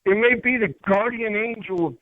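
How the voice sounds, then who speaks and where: A man from upstate New York teaches about crystals and spirits in loose, earnest talk. He keeps stopping to restart his sentences and drops in filler words. His voice sits high and comes through dry and tinny, like a phone line. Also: moderate pace, no room sound.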